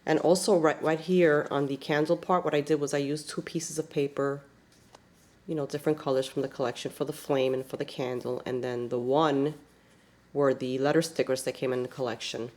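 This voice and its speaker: A woman talks casually through her scrapbook pages, stopping and restarting with plenty of fillers. Her voice sits very low in pitch. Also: steady tone, fairly quick, darkish tone. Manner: chatty, rambling, many fillers. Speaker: scrapbook crafter. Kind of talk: casual show-and-tell.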